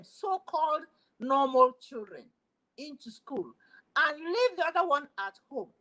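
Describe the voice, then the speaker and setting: An older woman, an educator, explaining her views slowly and deliberately, with emphatic phrasing. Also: very high-pitched, fairly bright tone, poor audio. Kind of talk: measured explanation.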